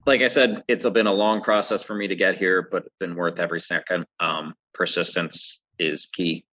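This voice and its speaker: A man's voice: deep voice, fairly even intonation, normal speed, pushed and bright. A man, a brewery owner guest on a podcast, chatting upbeat and a bit hesitant, with fillers. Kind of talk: casual interview chat.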